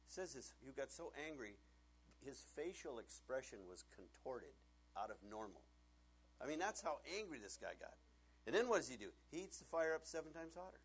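A man's voice: medium pitch, brisk, slightly rough. Joking middle-aged man preaching. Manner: joking, animated storytelling with acted-out quotes. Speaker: pastor. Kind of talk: sermon.

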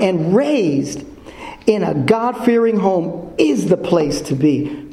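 A man preaching a sermon to a congregation in a church, repeating his points slowly and quizzing the listeners with fill-in questions. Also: sits high, warm tone. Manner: slow, emphatic repetition. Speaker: pastor. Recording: echoey church room.

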